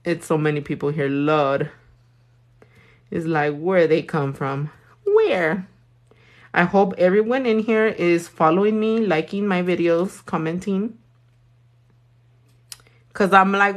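Slow and fairly low-pitched, a woman nail artist chats casually with a live audience while doing nails. She is blunt and profane and uses lots of slang.

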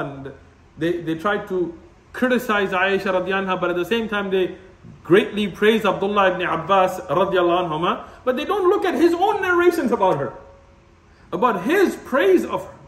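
A man giving an impassioned religious lecture, blunt and animated, laughing as he rants and dropping Arabic terms. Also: high voice. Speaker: Islamic lecturer. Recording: echoey room.

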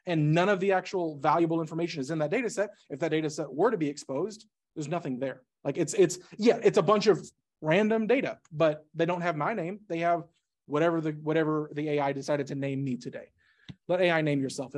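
A man giving a casual technical talk at a meetup, who talks quickly, breaks off mid-sentence and drops jokey asides. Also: fairly high pitch, darkish tone. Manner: rapid, self-interrupting, jokey asides. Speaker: conference speaker. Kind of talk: casual tech presentation. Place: meetup presentation room.

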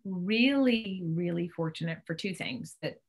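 A middle-aged woman, an author on a video call, telling lively stories and clearing her throat now and then from allergies. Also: fairly low pitch, measured pace. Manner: animated storyteller, clears throat often. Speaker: author guest. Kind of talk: casual chat.

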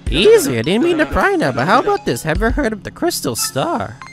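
A man putting on a booming folksy wrestling promoter. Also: wildly swooping pitch, quick pace, over music, heavily acted. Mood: boisterous. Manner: drawling, showman-like, southern folksy phrasing.

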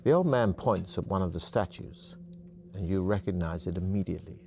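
A man narrating an interactive video adventure game in a measured storytelling manner. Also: deep voice, creaky, darkish tone, a little hiss or hum.

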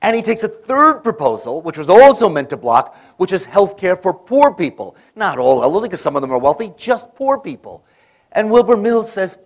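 A man's voice: high-pitched, sing-song, moderate pace. A man giving a conference lecture, telling political stories and acting out the quoted voices. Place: conference hall.

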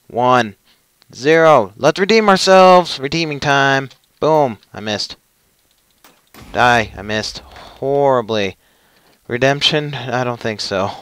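A man's voice: medium pitch, fairly bright tone, smooth, dry recording. A young man commentating his own gameplay, with frustrated, self-mocking outbursts. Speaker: gaming channel host.

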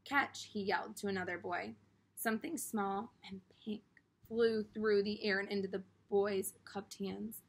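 Breathy woman reading a children's story. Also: mid-range voice, unhurried. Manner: steady storytelling with brief character voices. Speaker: reader. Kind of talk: reading a children's book aloud.

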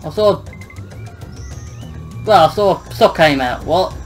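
A man's voice: a little high, animated, a little slow, soft background music, rough recording. A young man giving casual, joking let's-play commentary, muttering and swearing at the game. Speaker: gameplay commentator.

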